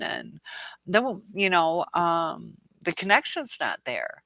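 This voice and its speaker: A woman's voice: on the low side, very animated, a little slow, sharp tone, no room sound. A woman hosting a casual live stream, answering viewer comments in a chatty way, laughing often, with many fillers and restarts.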